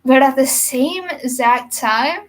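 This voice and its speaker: A woman's voice: sits high, slow pace. A young woman talking casually to camera in a rambling, hyper vlog monologue with giggly asides. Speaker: vlogger.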